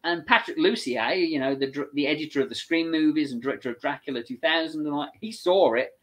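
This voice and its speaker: A man with an English accent, a guest telling stories in a casual, animated way and acting out what other people said. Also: fairly high pitch, quick pace. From England. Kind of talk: casual anecdotal storytelling.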